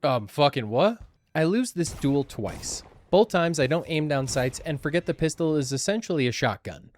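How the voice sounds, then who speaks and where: A man's voice: fairly high pitch, expressive, normal speed, a little hiss or hum. A man narrating his playthrough in a casual voice-over, wry, self-deprecating and casually profane. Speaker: gaming channel host.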